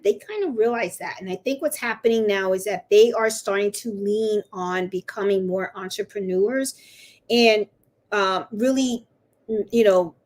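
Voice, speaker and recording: A middle-aged woman hosting a live crafting stream, chatting in a rambling, casual way and cooing to her dog now and then. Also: medium pitch. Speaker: livestream host of a crafting channel.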